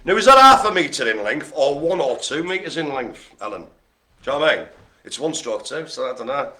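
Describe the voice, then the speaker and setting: A man's voice: medium pitch, big pitch swings, a little fast, bright, forceful tone. A man hosting a live online bingo game, rambling and joking as he stumbles over hard names. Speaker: bingo host.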